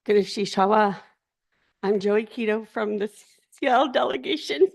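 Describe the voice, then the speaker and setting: A woman's voice: medium pitch, normal speed, gravelly. A woman delegate giving an unscripted, heartfelt speech at an assembly, openly emotional. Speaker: tribal delegate. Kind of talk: impassioned floor speech. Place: large assembly hall.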